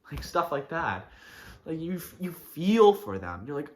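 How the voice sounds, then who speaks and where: A man's voice: fairly high pitch, sing-song, moderate pace. A man hosting a podcast, ranting and mocking in a casual, fired-up monologue. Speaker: podcast host.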